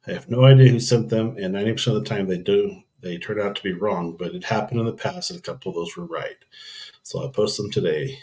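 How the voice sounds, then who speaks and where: A man's voice: fairly low pitch, quick pace, a little mellow. A man hosting a casual live stream, rambling through camera news and thinking aloud with frequent ums and restarts.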